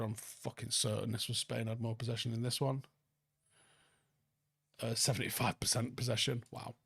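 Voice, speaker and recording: Manc bloke doing a live footy review, reads out chat n swears a lot, average pitch voice. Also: male voice, gravelly, a bit bright, breathy edge. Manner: blunt, sweary, reads viewer comments aloud and answers them. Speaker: football channel host.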